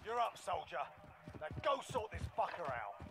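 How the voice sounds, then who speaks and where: A terse male military announcer from a shooter game, barking clipped orders in a raised voice that swings widely in tone. The delivery sounds like brisk radio commands. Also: sits high, very animated, creaky, exaggerated voice. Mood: commanding.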